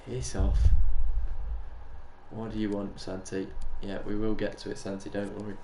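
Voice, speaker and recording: Guy yelling and cursing at a football game on stream, echoey room, bit of hiss. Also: lowish voice, completely flat delivery, moderate pace. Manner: emotional, swearing, frustrated outbursts. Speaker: gamer streamer. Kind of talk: live game commentary while playing.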